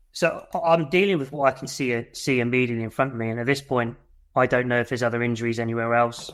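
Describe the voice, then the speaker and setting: Blunt ex-soldier telling a war story. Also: male voice, medium pitch. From United Kingdom. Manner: blunt and swearing, re-enacts his shouts. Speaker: military veteran guest.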